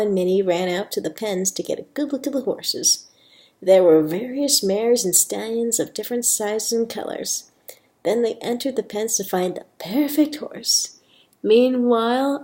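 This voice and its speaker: A woman casually reading fan fiction aloud, giggling and adding joking asides, at times softly to stay quiet. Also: a little high, normal speed.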